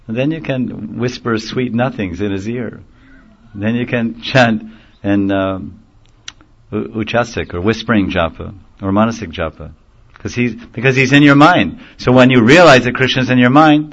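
A man teaching a devotional sermon in a gentle storytelling manner, chuckling now and then at his own jokes. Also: medium pitch, moderate pace. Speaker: spiritual teacher. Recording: dull lo-fi recording.

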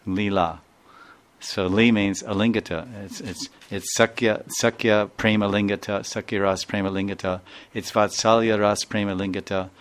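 A man's voice: fairly low pitch, steady tone, moderate pace. A man speaking as a spiritual teacher, giving a devotional talk full of storytelling and repeated phrases. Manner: warm storytelling with repeated phrases and quoted dialogue.

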